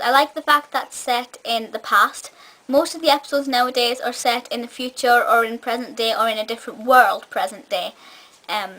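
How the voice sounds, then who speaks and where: A woman's voice: on the high side, a bit bright. A woman with a part-Scottish accent giving a casual, enthusiastic review vlog, chatty with frequent fillers and restarts. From Scotland. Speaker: film reviewer.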